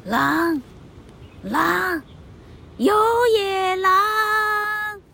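A woman's voice: on the low side, expressive, a little slow, a little mellow, slight background noise. A woman voicing a mischievous young village boy who is a shepherd, with a playful, cheeky manner. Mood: shouting.

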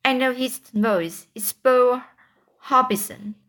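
A woman's voice: high voice, takes it slowly, a bit bright, voice pushed up. A woman voicing Tom, a frightened young boy who whispers urgently in a storybook reading.

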